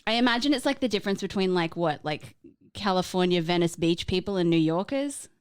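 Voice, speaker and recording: A woman's voice: lowish voice, expressive, smooth. A woman hosting a casual podcast chat, teasing and reacting eagerly to her guest. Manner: teasing, chatty, quick to react. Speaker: host.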